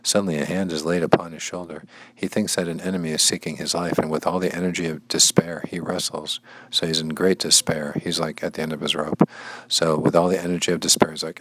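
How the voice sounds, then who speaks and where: A man with a very deep voice reads a devotional text aloud and stops to explain it in casual words. He repeats key lines and sometimes slips into a near-whisper. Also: level tone, fairly quick, a bit bright, dry recording, rough recording. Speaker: bible study teacher and language learner.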